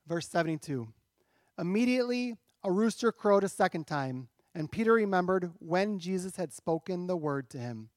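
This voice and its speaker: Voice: mid-range voice, expressive, moderate pace, dry recording, clean studio sound. A pastor preaching a sermon in a church, talking conversationally and asking rhetorical questions.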